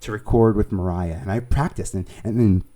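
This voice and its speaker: A man with a New York accent, a producer and casting director, chatting as an interview guest in an animated way, laughing easily and restarting his sentences. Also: fairly low pitch, brisk. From Staten Island, New York. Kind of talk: conversational storytelling.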